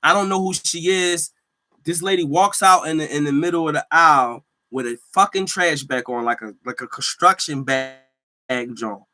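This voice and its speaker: Man, podcast host, slangy, animated storytelling, bright tone. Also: on the high side, normal speed. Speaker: healthcare worker. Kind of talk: casual solo podcast rant.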